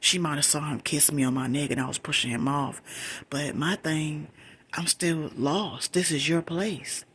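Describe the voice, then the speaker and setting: A middle-aged woman shares a true story in a soft whispered storytelling style, her voice almost all breath with a bright, tense edge. She talks emphatically and conversationally, repeating words to drive a point home. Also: sits low, steady tone, measured pace, slightly rough.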